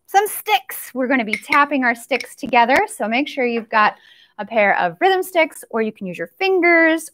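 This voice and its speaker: A woman's voice: on the high side, a bit bright. A woman leading a children's storytime, chanting nursery rhymes in a cheerful sing-song and stretching out the last words of each line. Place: library storytime recorded on camera.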